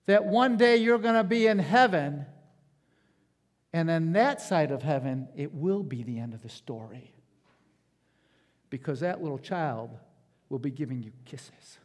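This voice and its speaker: A male pastor preaching a sermon, slow and emphatic, calling out for amens and closing in prayer. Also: high voice. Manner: slow, emphatic preaching with rising calls of amen.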